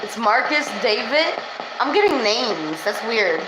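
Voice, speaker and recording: A woman doing a casual livestream spirit session as a psychic reader, chatty and excitable, calling her viewers babes. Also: fairly high pitch, unhurried, background noise. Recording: echoey room.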